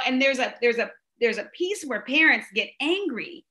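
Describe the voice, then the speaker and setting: Bright, lively woman host telling stories. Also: high voice, moderate pace, hardly any pauses. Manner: animated storyteller, acts out quoted exchanges. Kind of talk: casual conversation on parenting.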